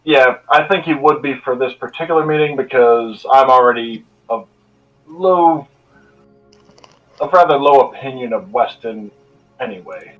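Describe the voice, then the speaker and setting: A man's voice: medium pitch, measured pace, recorded from a distance, muffled recording, soft background music. A man playing a tabletop game, talking casually and thinking aloud about his character's actions. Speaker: player.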